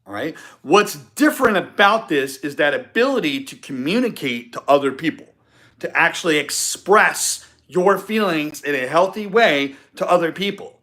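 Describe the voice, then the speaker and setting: Bright-voiced man giving a motivational talk. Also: on the high side. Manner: emphatic, repeats key points, acts out example phrases. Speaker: podcast host. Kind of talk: live-stream motivational talk.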